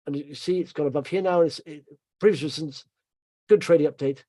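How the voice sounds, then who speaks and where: A chatty middle-aged man talks through share charts and company news in a loose, rambling way, his voice pitched a little high for a man. He drifts into quiet asides and small chuckles, and the sound is close and dry with no room around it. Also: fairly quick, no echo. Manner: chatty, rambling, laughs to himself, trails off quietly. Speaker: market commentary host. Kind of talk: casual market commentary over charts.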